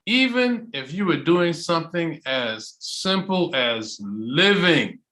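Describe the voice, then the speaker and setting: A man hosting an online English chat club over a video call, loud and enthusiastic, stretching out his phrases for emphasis. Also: a little high. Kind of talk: motivational casual talk.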